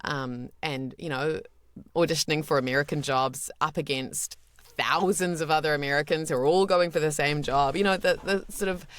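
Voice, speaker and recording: A woman's voice: low-pitched, moderate pace, clean tone. A woman in her thirties with a New Zealand accent, talking earnestly and candidly as a voice actor guest, with many restarts. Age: 30s. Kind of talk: casual interview chat.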